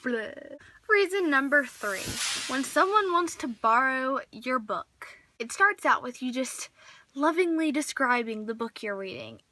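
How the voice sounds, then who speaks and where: Bright, dramatic young woman vlogger. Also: high voice, lively intonation, a little slow. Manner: dramatic, exasperated, acts out little scenes. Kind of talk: comedic vlog monologue.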